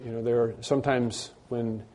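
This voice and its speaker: Brief: male pastor, warm mellow tone, teaching sermon, loose and conversational, punches key words. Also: mid-range voice, level tone, normal speed. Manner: conversational preaching with frequent fillers and restarts; rises to emphatic bursts on key points. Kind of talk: expository sermon.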